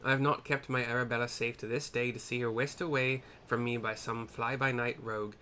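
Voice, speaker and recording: A man's voice: medium pitch, little pitch movement, brisk, sharp tone, slight background noise, natural voice. A man doing a pompous merchant with a loose Irish lilt. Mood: haughty. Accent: loose put-on Irish. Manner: haughty, dismissive. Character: pompous wealthy male merchant, small and protective. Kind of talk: game cutscene voice acting by a narrator.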